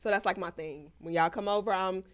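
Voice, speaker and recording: A woman's voice: medium pitch, brisk. Playful, slangy young woman podcast host. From Chicago, USA. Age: young adult. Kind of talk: casual chat.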